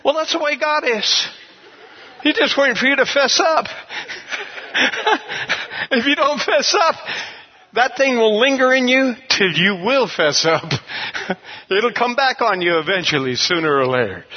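Husky-voiced man preaching. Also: extremely high pitch, lively intonation, unhurried, long pauses, lo-fi sound. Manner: conversational storytelling preacher. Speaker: pastor. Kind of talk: sermon.

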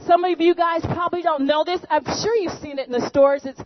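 High-voiced woman hosting a comic cooking show. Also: fairly even intonation, brisk, slight background noise. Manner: chatty, jokey, talks to viewers. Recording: dull lo-fi recording.

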